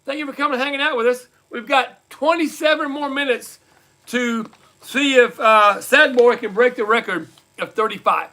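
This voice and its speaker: A man hosting a live online trivia night, reading out scores and repeating each question slowly, in casual chat. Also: very high voice, sharp tone. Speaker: livestream trivia host.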